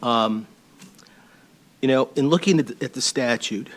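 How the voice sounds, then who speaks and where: Guy lawyer testifying at a hearing, lots of ums, stops and restarts, table mic. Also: medium pitch. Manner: halting, with fillers and pauses while looking up notes. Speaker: attorney for a petition sponsor. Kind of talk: testimony at a public board hearing. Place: public hearing room, speaking into a table microphone.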